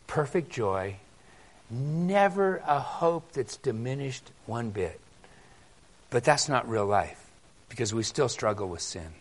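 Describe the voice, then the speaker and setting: A male pastor preaching a conversational sermon and reading Scripture with animation. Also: mid-range voice.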